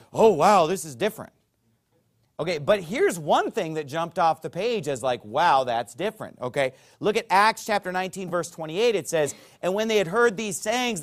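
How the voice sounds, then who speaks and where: Animated man preaching a sermon. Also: sits high. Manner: emphatic, conversational, keeps checking in with the listeners.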